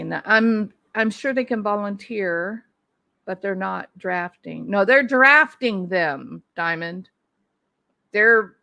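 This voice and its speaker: A woman's voice: mid-range voice, fairly bright tone. A woman hosting a casual livestream, chatting and answering viewer comments, thinking aloud with restarts and small laughs. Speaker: livestream host.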